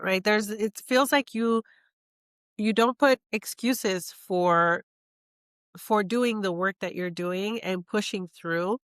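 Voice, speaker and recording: A woman's voice: a little high, a bit bright, no room sound, clean studio sound. Reflective woman podcast host. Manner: reflective, laughs often, sums up the guest's traits. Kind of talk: casual interview conversation.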